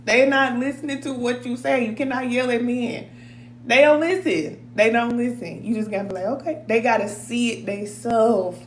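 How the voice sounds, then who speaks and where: A woman's voice: fairly high pitch, steady tone, moderate pace, reverberant, a little hiss or hum. A woman, chatting casually on a live stream, laughing often and reading viewer comments aloud. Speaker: spiritual advisor reading cards for a live chat.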